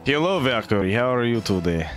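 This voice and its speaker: A man's voice: medium pitch, sing-song, brisk, soft background music, lightly acted. A man voicing a cheerful male game commentator with a put-on Russian accent, dropping articles in playful broken English.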